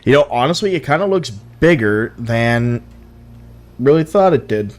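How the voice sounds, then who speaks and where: A man's voice: medium pitch, animated, a little slow. A young man streaming, giving frank, profane, easily amused commentary on viewers' builds. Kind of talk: casual live-stream commentary.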